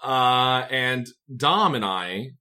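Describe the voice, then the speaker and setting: Excitable nerdy dude on a podcast, bright voice, goofy tangents. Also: male voice, mid-range voice, very slow, smooth. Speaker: podcast co-host. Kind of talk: casual chat.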